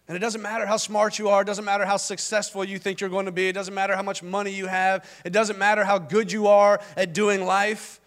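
A male pastor with a high voice delivers a sermon. He hammers his points home through repetition and gives the words of God and the people in scripture a voice of their own. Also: fairly bright tone.

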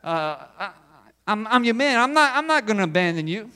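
A man's voice: high voice, big pitch swings, a little fast, bright, forceful tone, clear, resonant tone, pitched above the performer's own voice, exaggerated voice. A man preaching who voices a cocky, boastful male disciple as he vows loyalty, in a brash and emphatic way.

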